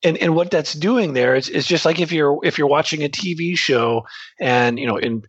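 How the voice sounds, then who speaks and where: A man's voice: fairly high pitch, normal speed, slightly rough, dry recording, dull audio. A man teaching Greek grammar in a loose, conversational way, explaining ideas through everyday analogies.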